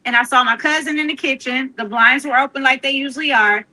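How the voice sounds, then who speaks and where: Middle-aged woman guest, high and bright, emotional storyteller who acts out relatives' lines. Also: fast, low-quality recording. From Missouri. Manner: animated, quotes relatives in voices.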